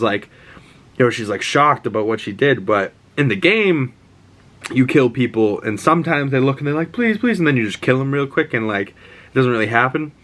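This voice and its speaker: A man in his twenties talks through a TV episode in a loose, excitable ramble. He swears freely and leans on fillers. His voice sits at an ordinary middle pitch. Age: 20s. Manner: rambling, profane, enthusiastic with fillers. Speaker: TV show recap vlogger. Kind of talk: casual show recap.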